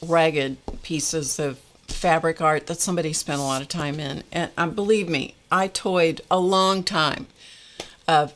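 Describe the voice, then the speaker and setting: A woman's voice: low voice, measured pace, a bit bright, a little hiss or hum. A middle-aged woman hosting a live-stream craft tutorial, chatting casually and reading viewer comments aloud. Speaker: craft show host.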